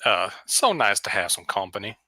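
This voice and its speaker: A man's voice: fairly low pitch, big pitch swings, moderate pace, sharp tone, dry recording, voice pushed down, full character voice. A man doing a Southern vampire, syrupy and sinister. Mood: mock-genteel. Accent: American Southern. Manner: overly smiley, drawling, mock-polite. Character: genteel Southern vampire man, hungry and twitchy.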